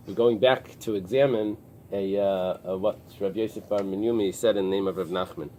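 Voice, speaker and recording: A man teaching a Talmud class, pausing and restarting often as he explains the text. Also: fairly low pitch, steady tone, a little mellow, a little hiss or hum. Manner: explains in halting restarts with many fillers. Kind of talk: early-morning Talmud class. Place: synagogue study room with a small group.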